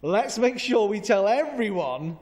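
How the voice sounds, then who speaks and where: Fawning Glaswegian male courtier, put on by a preacher, high and loud, in a reverberant church. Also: very animated, measured pace. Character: scheming male royal advisor, fawning.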